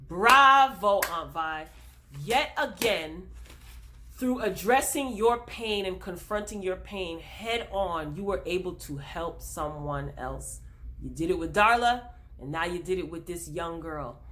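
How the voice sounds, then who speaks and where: A woman's voice: fairly low pitch, lively intonation, a little slow, sharp tone. A woman host talking straight to her viewers in a casual TV episode recap, retelling scenes with plenty of fillers. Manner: addresses viewers directly.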